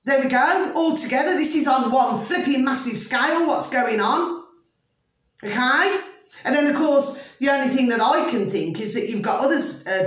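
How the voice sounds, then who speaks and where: A woman's voice: fairly high pitch, lively intonation, moderate pace, very echoey, distant mic. A woman vlogger in an opinionated monologue, emphatic and ranting, forever asking her viewers if they see what she means. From United Kingdom.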